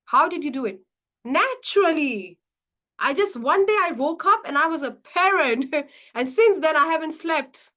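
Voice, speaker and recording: A woman coaching a live online session, animated and emphatic, firing rhetorical questions at her audience and repeating her key points. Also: high voice, normal speed. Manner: acts out inner voices dramatically. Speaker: money mindset coach.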